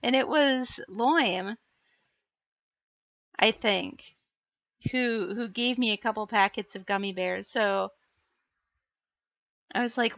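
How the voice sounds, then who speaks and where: A woman's voice: a little high, slow, pauses often, no echo, muffled recording. A woman live streaming as she paints miniatures, chatting casually and self-deprecatingly while answering her chat.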